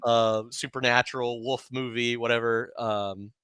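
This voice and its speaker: A man in a casual movie-talk podcast, with a bright, forceful tone and a dry, close sound. He jokes around and laughs a lot as he goes. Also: mid-range voice, steady tone, measured pace, clean tone, no room sound. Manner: laughs often, loose and joking. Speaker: podcast co-host.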